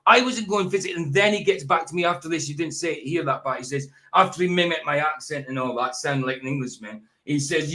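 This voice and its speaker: A man's voice: fairly high pitch, animated, quick pace, hardly any pauses, pushed and bright. A Scottish man hosting a casual chat, rambling and often repeating himself. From Scotland. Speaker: host. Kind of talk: casual chat reacting to a video.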